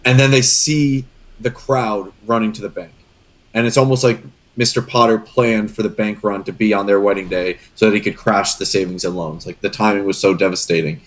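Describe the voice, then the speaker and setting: A man's voice: fairly low pitch, steady tone, brisk. A young man chatting casually on a podcast, earnest and rambling, getting emotional as he talks. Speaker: guest co-host.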